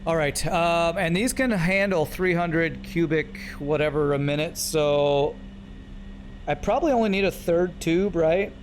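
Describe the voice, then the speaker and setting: A man's voice: a little high, a little slow, a little hiss or hum. A man streaming a building game, thinking aloud and correcting himself as he works through numbers. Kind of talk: live gameplay commentary.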